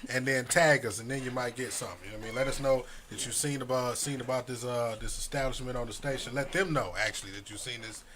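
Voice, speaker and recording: A man's voice: mid-range voice, fairly even intonation, fast, hardly any pauses, crowd noise. A man co-hosting a radio show, talking loosely and jokingly in slang, recorded in a radio studio. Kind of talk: casual on-air chat.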